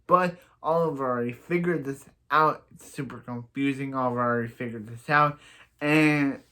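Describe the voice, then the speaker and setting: A man's voice: medium pitch, moderate pace, pushed and bright. A man casually recapping a TV episode as a reviewer, rambling through restarts and giving blunt opinions. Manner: rambling, stumbling over restarts.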